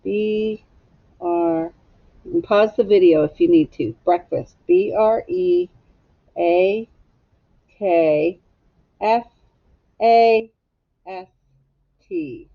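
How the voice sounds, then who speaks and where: A woman's voice: medium pitch, very slow, long pauses, dull audio. A woman teacher giving a recorded phonics lesson for children, spelling words out letter by letter in a patient, encouraging way. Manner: gently encouraging.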